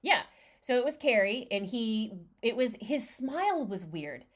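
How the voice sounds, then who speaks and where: Telling a story in casual podcast chat, this animated female co-host voices the quoted dialogue herself. Her voice is mid-range and her pace moderate.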